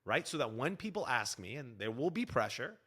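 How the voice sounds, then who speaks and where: A man's voice: medium pitch, brisk, breathy edge. A young man coaching on fitness, talking straight to the viewer with energy and acting out little dialogues. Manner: energetic, animated, acts out dialogue. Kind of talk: direct-to-camera fitness advice.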